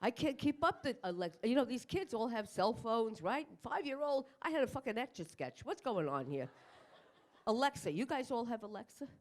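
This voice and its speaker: A woman's voice: on the high side, big pitch swings, moderate pace. An older woman doing a stand-up comedy set on a club stage, with brash, profane, self-mocking punchlines. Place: comedy club stage in front of a live audience.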